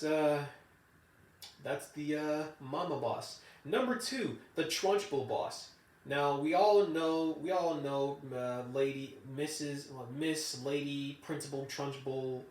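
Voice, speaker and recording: A young man vlogger rambles through a profane, loosely built rant. His voice sits a little high for a man. The sound is roomy and distant, as if the mic is across the room. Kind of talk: casual rant to camera.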